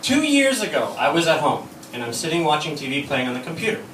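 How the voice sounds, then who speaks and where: On a comedy club stage, a man tells bawdy stories in a stand-up set, acting out the quoted lines. His voice sits a little high and sounds fairly bright, and he delivers it all very animated at a quick pace. The recording is noisy and echoey, picked up from far off.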